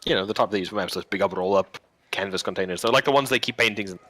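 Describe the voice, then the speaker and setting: A man's voice: on the low side, racing, sharp tone, dry recording. A man narrating as game master of a tabletop game, with many hesitant fillers.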